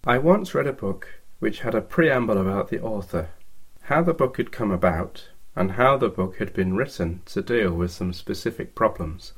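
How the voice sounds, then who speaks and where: A man giving a measured, scripted talk on Bible teaching. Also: on the low side, animated, breathy edge.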